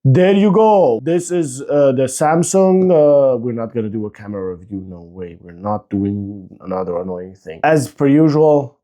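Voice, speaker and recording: A man talks through a phone unboxing in a loose, casual way. His voice is warm and mellow, and he swears freely, rants in frustration and jokes at his own expense. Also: mid-range voice, animated, moderate pace, few pauses. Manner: exasperated, swearing, self-mocking rambling. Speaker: tech YouTuber.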